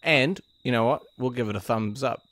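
A man's voice: medium pitch, normal speed, a bit bright, dry recording. A man co-hosting a comedy podcast, chatting with dry, wry humor. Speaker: podcast co-host. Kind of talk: comedic improv chat.

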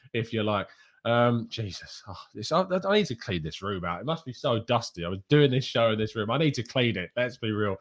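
A man hosts a casual live stream from a small room at home, reading viewers' questions aloud. His voice sits at a middle pitch, and he answers candidly and chattily, with plenty of ums and quick asides. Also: fairly bright tone.

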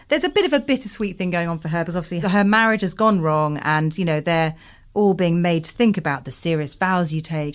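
A woman co-hosting a podcast, recapping a TV series in casual chat, laughing often and jumping to high squeals of delight.

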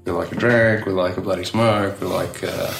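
A man's voice: low-pitched, steady tone, moderate pace, creaky, reverberant. An Australian man chatting casually as an interview guest, rambling with lots of fillers and laughs. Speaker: tattoo studio owner, guest.

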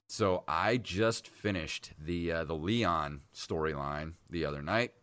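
A man's voice: low-pitched, slow, hardly any pauses, fairly bright tone, smooth, dry recording. A man in his thirties co-hosting a casual podcast, talking in a laid-back, rambling way with lots of fillers. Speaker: podcast co-host, game reviewer.

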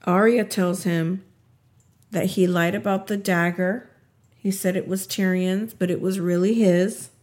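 A woman casually recapping a TV episode, retelling scenes in an animated way and acting out what the characters say. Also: fairly low pitch, unhurried. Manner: animated retelling, acts out quotes.

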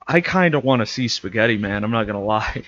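Lively, bright-voiced male podcast host. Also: fairly low pitch, fast talker, no room sound, muffled recording. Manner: animated, acts out scenes in funny voices. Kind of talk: casual chat about a bad movie.

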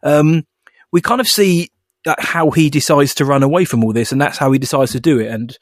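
A brisk, somewhat high-pitched male co-host chats casually on a podcast. The studio-quality audio has no echo, and he rambles with fillers and laughs.

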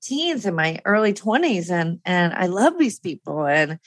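A woman's voice: lowish voice, big pitch swings, unhurried, no room sound. A woman in her fifties talking through a personal topic in a candid monologue. She rambles, laughs often and trails off to restart her thoughts.

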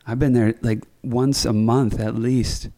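A man with a gravelly, creaky voice talks through a casual podcast conversation. He is earnest and sometimes dramatic, and his pitch sits in the middle range. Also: steady tone, a little slow, dark tone. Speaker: podcast co-host. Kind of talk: casual chat.

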